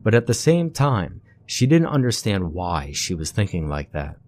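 A man reading a horror story aloud in a steady, measured narration. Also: low-pitched.

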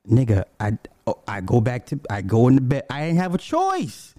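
A man telling a personal story in a casual, profane, animated way, swinging from low mutters to high exclamations. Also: moderate pace, dry recording.

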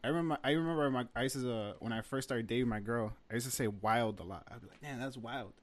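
A man's voice: medium pitch, quick pace. A young man chatting casually with friends, swearing often and acting out quotes with laughter. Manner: profane, laughing, acts out quotes. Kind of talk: casual group chat. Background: friends talking and laughing.

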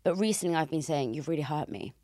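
A young British woman hosting a podcast, making her points in an emphatic, animated way. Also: sits low, fast talker, no room sound, clean studio sound. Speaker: podcast host. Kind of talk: casual conversation.

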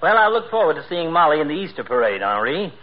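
A man's voice: fairly high pitch, sing-song, fast, a crowd in the background. A man playing a teasing small-town doctor who trades insults in a 1940s radio comedy. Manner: teasing, needling banter. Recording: dull old radio recording.

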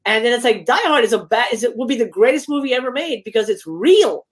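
A woman's voice: a little high, animated, quick pace. A woman guest on a casual movie talk stream who speaks bluntly and swears freely.

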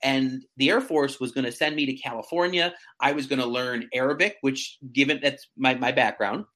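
A man in his thirties chatting casually as a guest, animated and self-mocking, often stumbling over restarts. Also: mid-range voice, normal speed. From central New York. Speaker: guest, real estate agent. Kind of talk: casual chat.

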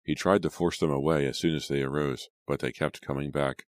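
A man narrating an audiobook in a slow, measured and grave manner. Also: very deep voice, fairly even intonation, dry recording. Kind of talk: scripted dramatic narration.

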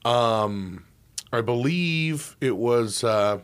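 Animated sports radio co-host, man. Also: mid-range voice, normal speed. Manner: animated, excitable. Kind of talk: casual sports radio chat.

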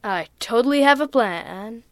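Woman as a cocky boy space hero, impulsive, lively pitch, dry recording. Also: no echo. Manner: eager, impulsive, quick to joke. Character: brash young male space hero, eager and cocky.

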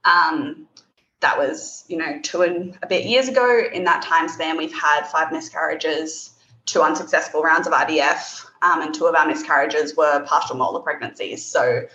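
An Australian woman from Darwin, a podcast guest telling her story softly and hesitantly over a video call. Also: low-pitched, moderate pace, roomy sound, lo-fi sound, slight background noise. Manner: soft-spoken, hesitant, many ums. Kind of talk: personal story in an interview.

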